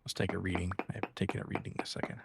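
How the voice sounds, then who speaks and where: Man, game streamer, low flat voice, laid-back casual chat, hiss and clicks behind. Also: very fast, gravelly. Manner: laid-back, mumbling asides. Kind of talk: casual chat while gaming. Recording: hissy stream audio with clicks.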